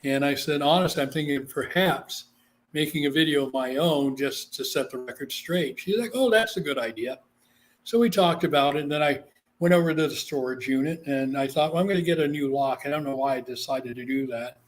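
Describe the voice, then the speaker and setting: A man's voice: a little high, a little fast, slight background noise. A man from Guam, a psychic medium, telling a story in a casual interview and acting out the voices he quotes. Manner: animated, acts out quoted voices.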